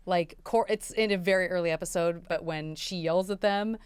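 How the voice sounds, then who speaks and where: A woman's voice: on the low side, moderate pace, clean tone, no echo, clean studio sound. A middle-aged woman co-hosting a podcast in enthusiastic, chatty conversation. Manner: enthusiastic, chatty, laughs easily. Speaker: podcast co-host. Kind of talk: casual chat.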